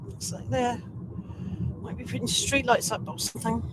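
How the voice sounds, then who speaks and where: A woman's voice: a little high, level tone, normal speed. A woman in casual live commentary while she drives, talking to viewers and laughing often. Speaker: storm chaser streaming live. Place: inside a moving car. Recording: faint road noise from the car.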